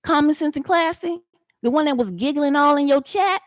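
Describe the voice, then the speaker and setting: A woman's voice: high voice, moderate pace, dry recording, studio quality. A woman doing a reaction video, answering a man confrontationally, drawling and repeating words for emphasis. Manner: confrontational and mocking, talks straight at the person she answers. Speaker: YouTube commentator.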